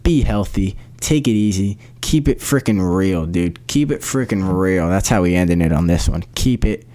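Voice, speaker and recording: Laid-back slangy man, lowish voice. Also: lively intonation, moderate pace, warm tone. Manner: casual, slangy, rambling with restarts. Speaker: podcast host. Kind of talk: solo podcast update.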